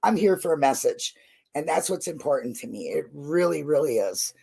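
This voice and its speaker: Husky, emotional woman on a livestream chat. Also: deep voice, lively intonation, moderate pace, mellow. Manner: emotional, effusive, blunt and swearing. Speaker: true crime channel guest.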